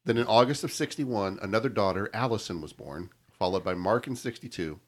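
A man's voice: fairly low pitch, a little fast. A man co-hosting a podcast, steadily reading out a crime story in casual chat and stumbling over hard names. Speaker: podcast co-host telling the story.

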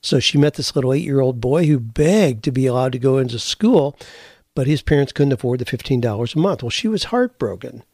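A man's voice: medium pitch, brisk, no echo. Folksy man telling stories, dry sound. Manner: folksy, animated storyteller. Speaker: podcast host. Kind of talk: casual storytelling.

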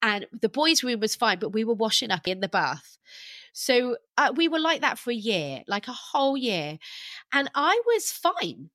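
A woman, a podcast guest and life coach telling her own story candidly over a video call, animated and self-deprecating. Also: fairly high pitch, moderate pace, no room sound. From England.

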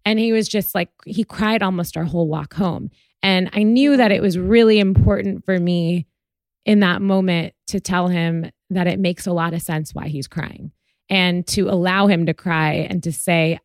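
A woman's voice: lowish voice, moderate pace, no echo, studio quality. A woman hosting a podcast interview, telling a personal story earnestly with plenty of fillers. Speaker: podcast host. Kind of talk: conversational interview.

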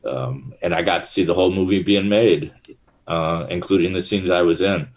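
Middle-aged guy with a really low voice, chatty and rambly, lots of ums and uhs. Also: moderate pace. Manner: rambling, many fillers and restarts. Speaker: actor and guest. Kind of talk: casual interview chat.

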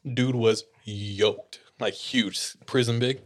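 A man's voice: mid-range voice, steady tone, slow pace. A man hosting a podcast, telling a story in a casual, rambling way and laughing often. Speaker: podcast host. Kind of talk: casual chat.

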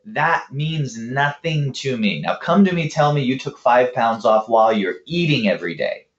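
A man working as a fitness coach, telling client stories in a lively, casual way and acting out both sides of the talk. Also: mid-range voice, moderate pace. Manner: animated, acts out client conversations. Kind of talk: casual storytelling interview answer. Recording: roomy, dull lo-fi sound.

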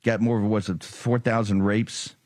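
A man's voice: lowish voice, flat delivery, moderate pace, a little mellow, dry recording, clean studio sound. A man hosting a political talk show, delivering a combative, taunting monologue full of sarcasm.

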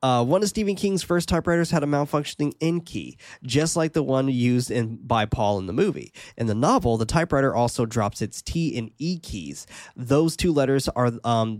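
A man co-hosting a laid-back movie podcast, reading trivia aloud with easy enthusiasm. His voice sits at an ordinary middle pitch, and he swears casually. The sound is close and dry. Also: no room sound. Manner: relaxed, swears freely, reads out movie trivia. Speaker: podcast co-host.

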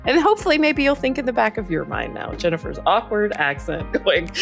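A woman's voice: medium pitch, big pitch swings, a little fast, vocal fry, over music. Laughing woman podcast co-host. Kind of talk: casual conversational storytelling.

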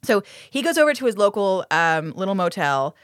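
A woman's voice: mid-range voice, sing-song, brisk, dry recording, studio quality. Swearing, laughing woman podcast host. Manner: laughing, swearing, lots of fillers. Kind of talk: casual chat recapping a TV episode.

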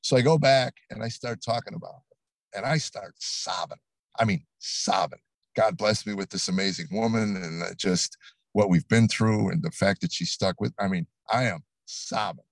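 An older man, a comedian, telling stories in an interview, animated and acting out quotes. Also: fairly low pitch, normal speed, dry recording. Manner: animated storyteller, acts out quotes. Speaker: comedian guest. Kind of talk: storytelling interview. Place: studio set.

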